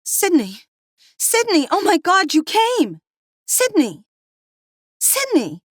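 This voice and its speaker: A terrified young mother, tearful and shaking, voiced by a woman narrator. Her dry, close audiobook voice pitches up in panic. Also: a little slow, no room sound, lightly acted. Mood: frantic. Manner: screaming, high-pitched with panic.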